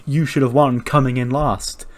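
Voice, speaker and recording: Guy doing a proud loud tag champ wrestler, defensive, bit pompous. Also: mid-range voice, steady tone, normal speed, close to an everyday voice.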